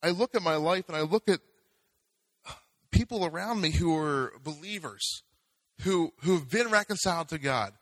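Man, pastor, sermon, conversational then fervent, bright forceful voice, fairly high pitch. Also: lively intonation, moderate pace, dry recording, poor audio. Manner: conversational preaching, rising to fervent exhortation.

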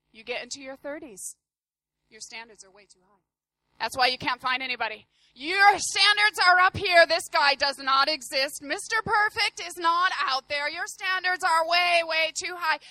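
A woman in her forties preaching a sermon, telling a personal story with lively acted-out voices, swinging between loud and hushed. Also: very high voice, dry recording, poor audio. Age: 40s.

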